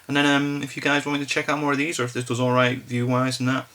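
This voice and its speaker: A man hosting a reaction video, chatting casually with ums and quick comments. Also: mid-range voice, completely flat delivery, fairly bright tone. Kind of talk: casual chat.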